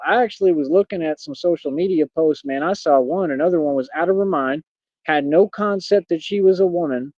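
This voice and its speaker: A man's voice: a little high, no echo, muffled recording. A man hosting a livestream, delivering a boastful, defiant and mocking monologue. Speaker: livestream host. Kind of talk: unscripted ranting monologue.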